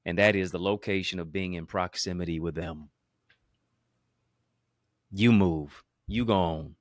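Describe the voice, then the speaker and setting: A man's voice: sits low, steady tone, a little slow, dry recording, studio quality. A man hosting his own show, delivering a motivational talk with an emphatic, preacher-like cadence full of repetition and wordplay. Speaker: motivational speaker and show host.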